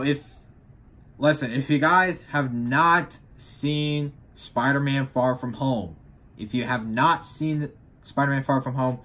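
A man's voice: medium pitch, a bit bright. A teenage boy vlogging casually about upcoming films, rambling with frequent restarts. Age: teens. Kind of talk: casual vlog commentary.

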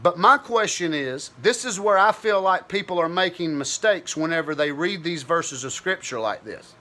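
A man's voice: fairly high pitch, expressive, moderate pace, sharp tone. A man giving an informal Bible teaching, thinking aloud in a conversational, searching way with frequent restarts.

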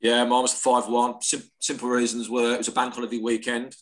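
A man's voice: mid-range voice, flat delivery, brisk. A man in a casual chat, blunt and to the point. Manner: blunt, short statements. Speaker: podcast guest.

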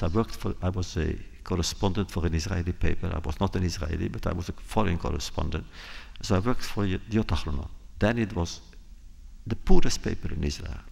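A man giving a public talk, unhurried, telling a true story and acting out quoted dialogue, often repeating phrases for emphasis. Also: sits low, gravelly. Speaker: guest speaker.

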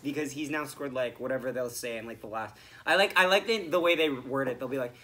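A young man co-hosting a podcast speeds through a hockey game recap in a mid-range voice, barely pausing. He's rambling and profane, dropping to mumbles and then rising to shouts.

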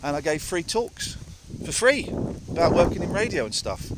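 A man with a slightly high, sing-song voice speaks at normal speed over a very noisy recording, live-streaming while hiking up a rural hill. He chats casually with viewers, candid and emphatic, repeating phrases for effect and sometimes puffing from the uphill walk.

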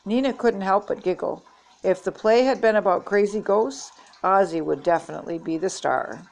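Gravelly grandmother reading a storybook. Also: mid-range voice, normal speed, darkish tone, rough recording. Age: older. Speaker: storybook reader. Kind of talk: reading a children's book aloud.

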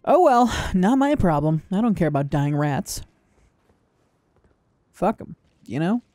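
Animated, wisecracking male gamer. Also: sits high, a little slow, no echo, studio quality. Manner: joking, swearing, loud exaggerated reactions. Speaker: gaming video creator. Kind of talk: casual gameplay commentary.

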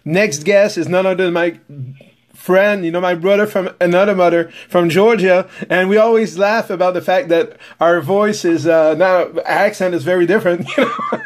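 A man's voice: sits high, normal speed. A man from Quebec, hosting a podcast in a chatty, filler-heavy way. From Quebec, Canada. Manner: friendly, chatty, frequent fillers and restarts. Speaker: podcast host. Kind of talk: casual podcast chat.

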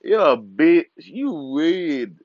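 Slow trash-talking young man, lo-fi. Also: a little high, big pitch swings, a little mellow, no echo. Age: 20s. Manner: trash-talking, laughing, swearing freely. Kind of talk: casual profane rant. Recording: dull lo-fi recording.

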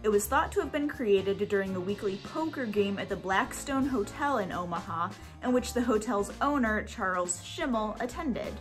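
A woman's voice: mid-range voice, expressive, moderate pace, few pauses, soft background music. A woman vlogger cooking in a home kitchen, chatting casually as she explains each step plainly.

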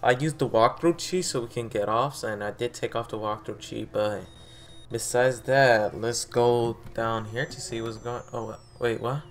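A man's voice: medium pitch, steady tone, a little slow, slight background noise. A man commentating his own game playthrough, easily frustrated and cursing constantly, over faint game music. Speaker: gaming channel host. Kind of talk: let's play commentary.

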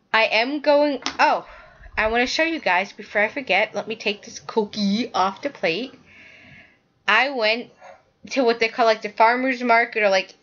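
A woman with a slightly high, fairly bright voice hosts a knitting podcast, chatting casually and rambling while she shows her work to the camera. She often corrects herself mid-sentence, and the highs in the audio are cut off.

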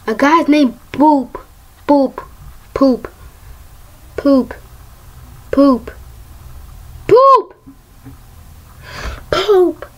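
A woman's voice: sits high, fairly even intonation, very slow, pauses often, lo-fi sound. A woman hosting her own gaming video, talking playfully and chanting silly sound effects as she plays. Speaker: gaming channel host. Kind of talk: casual gameplay commentary.

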